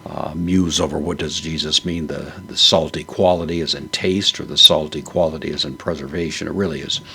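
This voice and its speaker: Super deep gravelly guy going through greek bible verses slowly, lots of uhs, faint hum behind. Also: steady tone, sharp tone. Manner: unhurried, many "uh" fillers, parsing Greek word by word. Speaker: Bible teacher.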